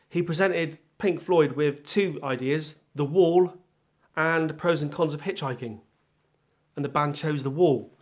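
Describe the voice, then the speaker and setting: Chatty man musing over an album. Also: a little high. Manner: chatty, self-deprecating, thinks aloud with pauses. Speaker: music channel host. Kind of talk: casual first-impression album chat.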